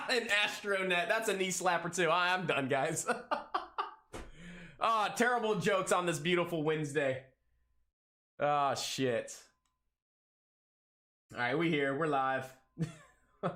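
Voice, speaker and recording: A man hosting a live day-trading stream, calling out prices and cracking jokes in an excitable, hyped way. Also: on the high side. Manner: excitable, hyped, jokey, calls out prices rapidly. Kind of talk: live trading commentary and banter.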